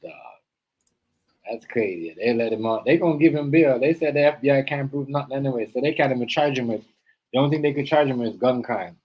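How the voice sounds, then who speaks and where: A man hosting a live stream, rambling through casual reaction commentary and swinging between loud outbursts and quiet asides. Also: medium pitch, quick pace, rough recording. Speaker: stream host. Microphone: live stream setup.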